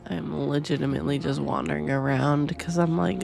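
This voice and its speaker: A woman's voice: sits low, fairly even intonation, moderate pace, gravelly, a little mellow. A woman gaming streamer giving casual reaction commentary, chatty and rambling, laughing often.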